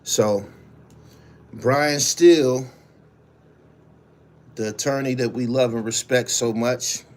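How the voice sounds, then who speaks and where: A man's voice: medium pitch, steady tone, slow pace, long pauses. Blunt, cursing man riffing on news. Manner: blunt, profane, reads news then riffs and answers chat. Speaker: show host. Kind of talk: casual live commentary on news.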